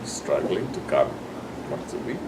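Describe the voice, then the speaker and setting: A man's voice: very deep voice, very animated, measured pace, far from the mic, very noisy. A man giving a sermon to his congregation, scolding and acting out people's excuses. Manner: admonishing, acts out quoted excuses. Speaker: sufi sheikh.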